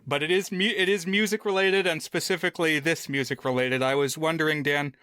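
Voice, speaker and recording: A man with a bright, crisp voice, a touch higher than most, talking in a dry, close-miked podcast sound. He is measured and reflective, posing questions and sharing memories in casual chat. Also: steady tone, no echo. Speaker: podcast co-host.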